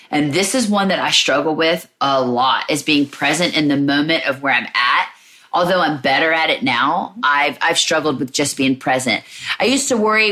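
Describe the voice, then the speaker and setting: A woman's voice: low voice, pushed and bright. A woman hosting her own podcast, talking alone in a candid, searching way and often saying "like" and "you know". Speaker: podcast host. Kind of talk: reflective solo podcast talk.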